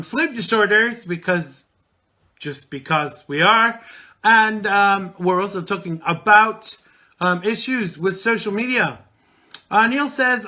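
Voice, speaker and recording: A man's voice: sits high, pushed and bright. A man around forty hosting a live call-in radio show, chatting casually and rambling with lots of ums and restarts. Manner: rambling, with many fillers and restarts. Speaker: radio talk show host.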